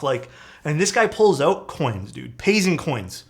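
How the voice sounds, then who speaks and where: A man streaming live, chatting casually and telling a story in a loose, profane, animated way. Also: fairly high pitch, unhurried, background noise. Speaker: streamer building keyboards. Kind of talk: casual livestream chat and storytelling.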